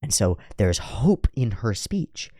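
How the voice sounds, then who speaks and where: A man hosting an anime reaction show, giving casual, excitable, profane commentary on an episode. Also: on the low side, takes it slowly, no echo, clean studio sound. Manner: excitable and profane, jumps between breakdown and hype.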